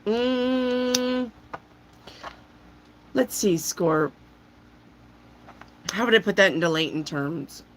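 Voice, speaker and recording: A woman giving a casual tarot reading while she has a cold, chatty and loose, often clearing her throat. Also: mid-range voice, extremely slow, pauses often, slight background noise, poor audio. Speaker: tarot reader.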